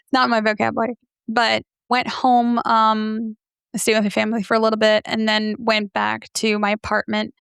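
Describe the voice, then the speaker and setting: Woman in her 30s, real gravelly fry in her voice, kinda high, dry close mic, tells her story earnestly and acts out what people said. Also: moderate pace, dry recording. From from near New York City. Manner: earnest, animated storytelling, acts out quoted dialogue. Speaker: podcast host sharing her story. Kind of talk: candid personal interview.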